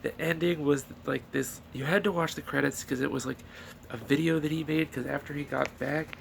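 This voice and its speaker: A man's voice: medium pitch, brisk, creaky, noisy background. A young man casually rambling through a movie review into his own camera, swearing often and full of fillers and restarts. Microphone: camera filming himself.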